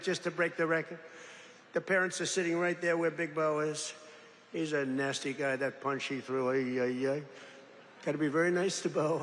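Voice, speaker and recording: An older man from the United States speaks in a fairly high voice, drifting from point to point with brags and asides. His podium microphone rings through a big factory hall with a long echo and faint background hum. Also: fairly bright tone. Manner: rambling, boastful, jokey, breaks into mock voices. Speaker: political speaker addressing workers. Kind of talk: off-the-cuff rally speech. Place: large factory hall, indoors.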